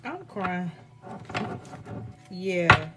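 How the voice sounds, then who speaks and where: A woman's voice: lowish voice, big pitch swings, very slow, over loud music. A woman doing a casual live tarot reading, talking in a blunt, rambling way full of swearing. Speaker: tarot reader.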